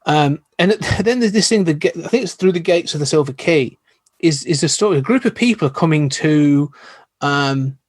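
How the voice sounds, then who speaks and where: A man's voice: on the high side, lively intonation, normal speed, no room sound. A man, a podcast guest, telling stories in an enthusiastic, rambling, casual way. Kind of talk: casual chat.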